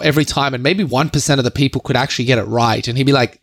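A young man co-hosting a podcast, telling stories in a loose, slangy, animated way. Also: medium pitch, quick pace, creaky, no echo. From Australia. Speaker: podcast co-host. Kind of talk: casual chat.

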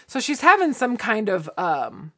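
Animated woman recapping a sitcom. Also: mid-range voice, measured pace. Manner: animated, acts out characters' lines while retelling. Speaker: podcast co-host. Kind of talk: casual chat recapping a sitcom.

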